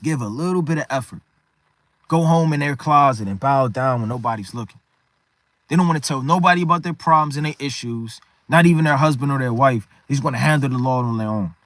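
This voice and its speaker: A man's voice: medium pitch, fairly quick, fairly bright tone, dry recording. A man preaching a sermon in an emphatic, repetitive way, often tagging his phrases with "man".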